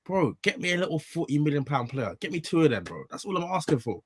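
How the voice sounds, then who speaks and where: Excitable male panelist, quick and lively, faint hiss behind. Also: fairly high pitch. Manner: pleading, excitable. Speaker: panel guest. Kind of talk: casual chat.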